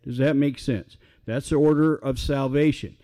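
A middle-aged pastor preaching a sermon in a relaxed, conversational way, often checking in with his listeners. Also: medium pitch, normal speed. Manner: conversational, asks the audience questions.

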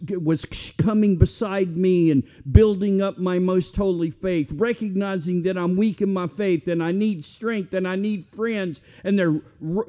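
A man preaching a sermon as pastor, conversational and animated, with self-deprecating humor. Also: sits high, highs cut off.

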